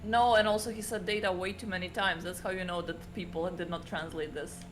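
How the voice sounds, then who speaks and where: Dry, deadpan co-host. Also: medium pitch, a little fast, a little hiss or hum, low-quality recording. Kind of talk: casual banter.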